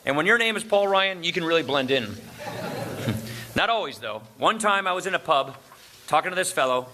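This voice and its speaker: A man from Wisconsin delivers a lunchtime speech from a lectern, his voice bright and forceful and sitting a touch high. He mixes formal address with jokes and chuckles at his own punchlines. A faint hum of the hall sits behind him. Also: expressive, fairly quick. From Wisconsin, USA. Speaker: speaker at a political luncheon.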